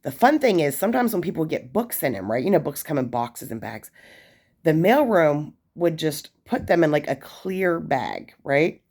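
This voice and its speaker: A woman's voice: low voice, big pitch swings, normal speed, a little mellow. A woman in her forties telling a story in a chatty, casual way, with lots of fillers and asides. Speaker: vlogger sharing prison experiences.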